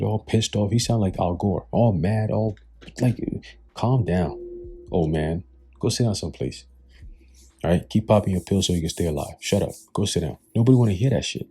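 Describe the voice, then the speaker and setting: Male commentator, dark husky voice, scornful and preachy. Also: low voice. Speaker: religious commentator.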